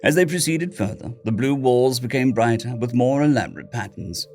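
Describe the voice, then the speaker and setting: A man's voice: mid-range voice, expressive, normal speed, a little mellow, soft background music. Man narrating a sci-fi story.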